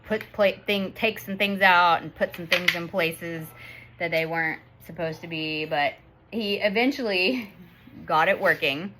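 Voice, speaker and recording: Bright chatty mom in her 30s, laughs a lot telling a family story on her vlog. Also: fairly low pitch, unhurried, a little hiss or hum. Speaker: vlogger and mother.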